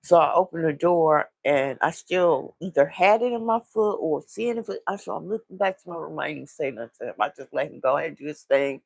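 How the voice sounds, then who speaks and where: Gravelly, husky woman rambling. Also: sits low, expressive, darkish tone, no echo. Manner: rambling, halting, with repeated restarts. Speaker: vlogger. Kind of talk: casual confessional monologue.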